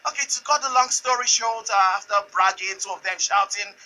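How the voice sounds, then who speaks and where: A man hosting a talk show, telling a story in a lively way, acting out the voices of the people in it and laughing often. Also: high-pitched, brisk, poor audio. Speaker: radio and TV show host.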